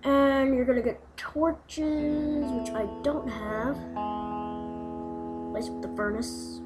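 A young woman talks through a game tutorial at an unhurried pace, her voice sitting a little high. She rambles, drops in goofy asides, and leans on "uh". Guitar music plays clearly behind her. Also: very animated. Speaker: gaming video maker. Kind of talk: casual game tutorial voice-over.

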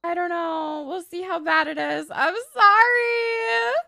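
A woman in her twenties chatting casually on a live game stream, excitable and swearing freely. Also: very high-pitched, normal speed, vocal fry. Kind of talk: casual live-stream chat while role-playing a game.

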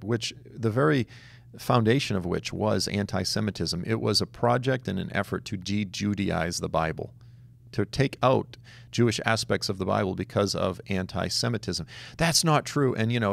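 Male Bible teacher, deep and heavily gravelly, emphatic and conversational, dry close sound. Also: no room sound. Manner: animated, emphatic storytelling with casual asides.

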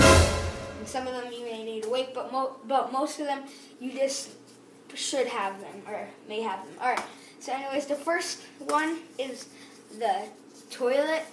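A woman's voice: sits high, roomy sound, a little hiss or hum. A young female vlogger chatting through a how-to video at home, rambling with ums and restarts. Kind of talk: casual how-to vlog. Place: house, bathroom.

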